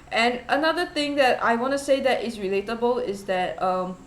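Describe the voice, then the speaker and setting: A young woman with a fairly high voice chats casually, rambling and giggling as she pokes fun at herself. Her voice bounces around a noticeably echoey room. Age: young adult. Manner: rambling, giggly, self-deprecating. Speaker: VTuber streamer. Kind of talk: casual chat. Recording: roomy echo.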